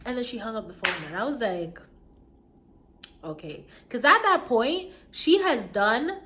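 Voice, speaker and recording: A young woman vlogger telling a personal story, animated, acting out the voices of the people in it. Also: a little high, moderate pace, background noise. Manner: animated, acts out voices, lively swings. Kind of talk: storytime vlog.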